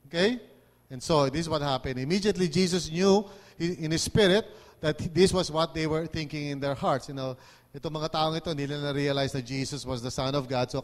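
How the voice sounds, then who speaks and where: A man with a Filipino accent preaches a sermon in a rather high voice. His words ring out with a long hall reverb. He keeps checking in with his listeners, asking for an amen. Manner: mixes English and Tagalog, asks "di ba?" and "amen?" often. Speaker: pastor.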